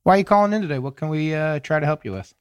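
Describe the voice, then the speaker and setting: A man's voice: a little high, expressive, clear, resonant tone. Man from Chicago, joking co-host. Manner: laughs often, quick acknowledgments. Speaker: podcast co-host. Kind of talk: casual comedic chat.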